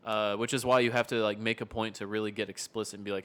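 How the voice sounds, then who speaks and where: Male therapist co-host, low voice, explanatory, easy laugh. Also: level tone, quick pace, fairly bright tone, clean tone. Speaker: behavioral therapist, podcast co-host. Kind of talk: casual podcast chat.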